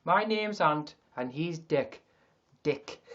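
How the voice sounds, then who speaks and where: A man doing a loud, sing-song Geordie impression of a hearty Newcastle man. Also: fairly high pitch, expressive, slow, muffled recording. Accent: Geordie, put on.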